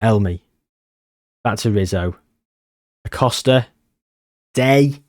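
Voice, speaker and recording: A man giving excitable, nervous live commentary on a game he is playing. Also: on the low side, slow pace. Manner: excitable, nervous, reacting loudly to match moments. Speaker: gaming channel host.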